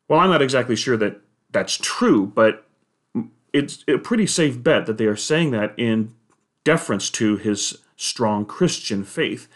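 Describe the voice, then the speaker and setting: A man giving a measured, explanatory monologue on faith and science, with the odd hesitation. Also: fairly low pitch. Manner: measured, explanatory, with occasional filler "uh".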